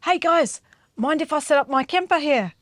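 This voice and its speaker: Lady doing a friendly old māori grandad, laid-back drawl, higher than her usual voice. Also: lively intonation, normal speed, fairly bright tone, dry recording, studio quality. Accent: Māori New Zealand English.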